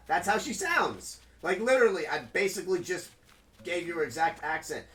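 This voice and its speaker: A man's voice: sits high, very animated, moderate pace, sharp tone. A man live-streaming a game, rambling casually to his chat in a loose, chatty way.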